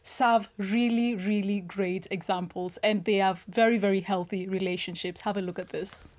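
A woman hosts a news programme and speaks straight to the viewers. She keeps a chatty, easy tone. Her pitch sits in an ordinary middle range. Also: fairly even intonation, moderate pace, a little mellow. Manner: chatty, addresses viewers directly. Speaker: news show host. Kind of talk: presenting.

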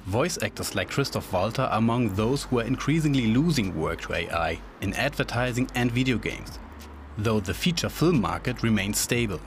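A man narrating a news report. His delivery is measured and even, with faint music behind. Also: on the low side.

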